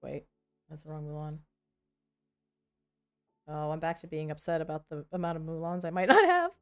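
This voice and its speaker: A woman's voice: deep voice, animated, moderate pace, clean tone, soft background music. A woman vlogger chatting casually and thinking aloud while she sorts trading cards, often poking fun at herself. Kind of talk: casual chat while working.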